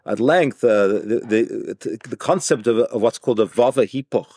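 Male teacher, patient and halting, mid-pitched, dry recording. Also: a little mellow, breathy edge, no echo. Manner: hesitant, many restarts, explanatory. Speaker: Torah class teacher. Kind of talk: informal Torah class.

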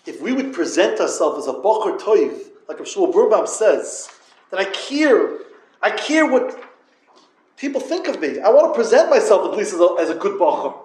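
In an echoey room, a yeshiva lecturer gives a Torah talk to his students in Yiddish-inflected yeshivish English, telling them a story and addressing them directly. His voice is high and a little mellow, swinging widely in pitch at a normal speed, with slight background noise.

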